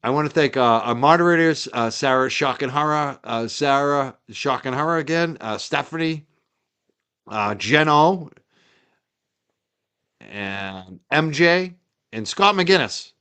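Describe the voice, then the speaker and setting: A man's voice: on the high side, animated, unhurried, bright, forceful tone, clear, resonant tone. A man from the North Shore of Massachusetts with its accent, hosting a casual livestream in a rambling, chatty way with lots of fillers. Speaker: livestream host.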